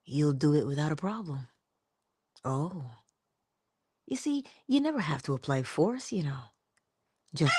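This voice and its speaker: A woman hosting an inspirational morning livestream, musing and affectionate, drifting between hushed asides and bursts of laughter. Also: low voice, no room sound. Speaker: livestream host. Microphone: livestream mic.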